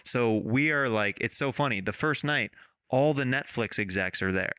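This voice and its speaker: A man's voice: mid-range voice, moderate pace, bright, forceful tone, smooth, dry recording, clean studio sound. A man in his thirties hosting a podcast, chatting casually in a rambling way with many restarts. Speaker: podcast host. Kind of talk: casual interview chat.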